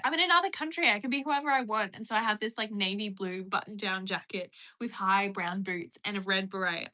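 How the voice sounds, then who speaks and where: A woman's voice: mid-range voice, pushed and bright. A young British woman chatting casually on a live stream, giggly and rambling, calling out to her pet now and then.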